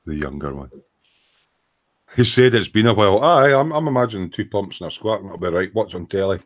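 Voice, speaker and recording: A man's voice: lowish voice, lively intonation, fairly quick. A Scottish man hosting a casual live stream at his model-making bench, bantering and swearing while he sands. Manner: banter, swearing, dry jokes while sanding. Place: hobby workbench indoors.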